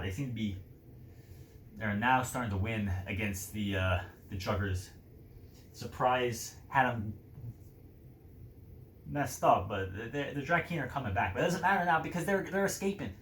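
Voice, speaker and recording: A man's voice: mid-range voice, a bit bright. Rambling storyteller man, echoey room. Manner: rambling, filler-heavy. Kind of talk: casual storytelling. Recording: roomy echo, faint noise.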